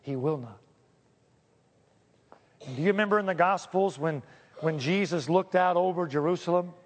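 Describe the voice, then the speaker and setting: A pastor preaching a sermon, joking one moment and pleading solemnly the next. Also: male voice, a little high, normal speed, long reverb tail, a little hiss or hum.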